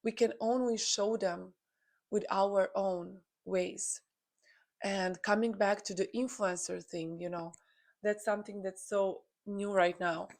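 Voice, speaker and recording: A woman's voice: mid-range voice, fairly even intonation, slow, creaky, darkish tone. A woman channeling a spiritual message to her viewers, earnest and encouraging, with frequent fillers. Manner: earnest, encouraging, many "you know" fillers.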